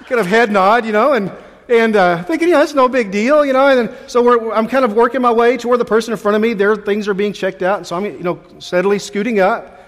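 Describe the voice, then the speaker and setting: Speaking fast in a high voice, this pastor opens with a chatty story that pokes fun at himself and keeps restarting, then moves into his sermon. A large hall's long reverb surrounds him.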